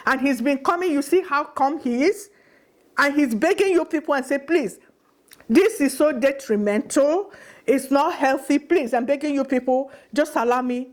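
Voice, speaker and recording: High-pitched, indignant middle-aged woman. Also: expressive, moderate pace, darkish tone. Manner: indignant, repeating lines for emphasis, pleading and accusing. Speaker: vlogger. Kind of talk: impassioned direct-to-camera address.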